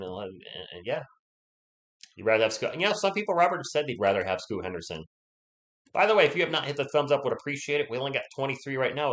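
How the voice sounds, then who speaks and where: Coughing man calling play-by-play, low voice. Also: fairly bright tone. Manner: chatty, reads viewer chat between plays. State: coughing, sore throat. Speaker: live stream play-by-play host. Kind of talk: casual play-by-play commentary.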